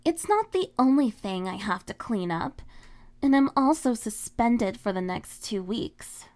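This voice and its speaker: A woman's voice: a little high, animated, unhurried, darkish tone. A woman voicing a haughty, spoiled teenage girl who talks in a snippy, vain way. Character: haughty spoiled teen girl, bratty and proud.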